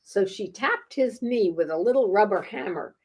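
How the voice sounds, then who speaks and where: Animated and a bit breathy, her mid-range voice moves at a normal speed as she reads a picture book to young kids. Playful and chuckling, this storytime reader often asks the children questions.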